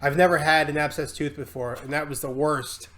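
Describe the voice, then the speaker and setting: A man co-hosting a casual podcast, telling animated stories and acting out his own yelling. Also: fairly high pitch, fairly quick, slight background noise. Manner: animated storyteller who acts out yelling. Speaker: podcast co-host.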